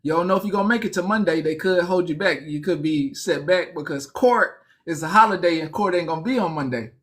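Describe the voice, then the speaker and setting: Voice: medium pitch, brisk, fairly bright tone, lightly acted. A performer voicing a pushy fellow detainee who urges a newcomer, in a comic story. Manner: pushy, insistent.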